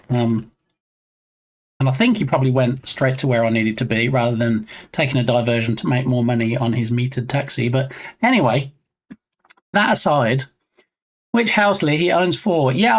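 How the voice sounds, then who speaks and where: A talkative streamer on a desk mic, casually chatting with viewers. The voice rises and drops a lot, and the tone stays playful and jokey throughout. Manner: chatty and joking, reading viewer names aloud; lively swings in pitch. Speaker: livestream host. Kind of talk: casual live-stream chat.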